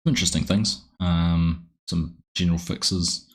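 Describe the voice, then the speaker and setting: Kiwi guy on a game livestream, real deep voice, friendly rambly chat saying hi to everyone. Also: fairly even intonation, normal speed. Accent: New Zealand. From New Zealand. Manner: friendly, rambling, greets viewers by name. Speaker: game streamer. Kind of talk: casual live-stream chat.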